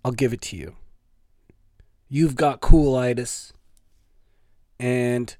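A man's voice: medium pitch, slow pace, a little mellow, no room sound, clean studio sound. A man hosting his own comedic podcast, rambling and self-mocking with a sarcastic edge. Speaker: podcast host. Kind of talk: solo comedic podcast monologue.

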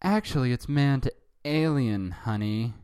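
A man's voice: medium pitch, unhurried, darkish tone, smooth, pitched above the performer's own voice, natural voice. Man doing a dry pedantic housewife. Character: woman, wife, dry and pedantic.

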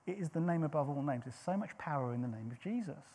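Brief: middle-aged male preacher, earnest storyteller, slightly higher voice with a gravelly edge. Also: animated, fast talker, warm tone. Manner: earnest storytelling, frequent restarts. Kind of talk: sermon with personal testimony.

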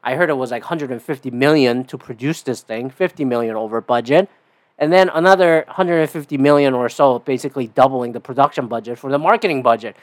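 A man hosting his own podcast alone, talking casually in a rambling, profane way with lots of fillers and big jumps in pitch. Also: a little fast. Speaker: podcast host. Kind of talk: casual solo podcast monologue.

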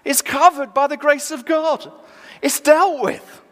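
A man preaching a sermon as pastor, animated and acting out dialogue with rising emphasis, recorded in a church. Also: very high voice, unhurried. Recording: church hall reverb.

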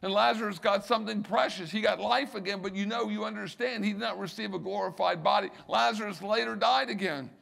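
A man's voice: sits high, brisk, creaky, hardly any pauses, fairly bright tone. A middle-aged male pastor preaching a sermon, building emphasis and repeating key phrases.

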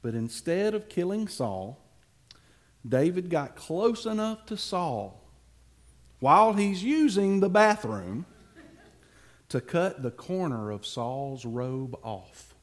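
A man tells a Bible story from the pulpit with wide swings in pitch. He speaks slowly and leaves dramatic pauses, then turns to the congregation with playful asides. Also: big pitch swings. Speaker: preacher telling a Bible story.

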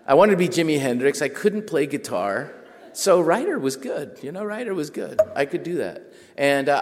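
A man telling a lively personal story to a group as a writer, acting out quoted voices and laughing as he goes. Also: medium pitch, in a large hall. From Mexico border region. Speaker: writer giving a talk.

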